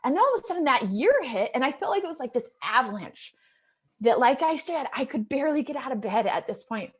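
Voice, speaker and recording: A woman's voice: high-pitched, a little fast, husky. A woman in her thirties, a real estate investor, telling an earnest and emotional personal story to an audience. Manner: emotional, earnest storytelling that swings from hushed to excited.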